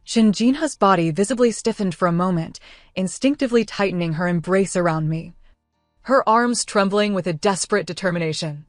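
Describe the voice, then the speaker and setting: A woman giving smooth, even scripted narration of a story. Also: medium pitch, a little fast, dry recording. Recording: dry close studio voice with faint music. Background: faint music.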